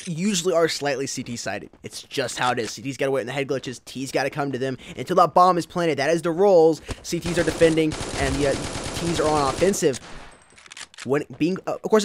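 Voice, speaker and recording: A man co-casting a mobile shooter match, calling plays and explaining strategy. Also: on the high side. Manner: analytical, rapid play calling. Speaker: esports co-commentator. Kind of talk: live play-by-play commentary.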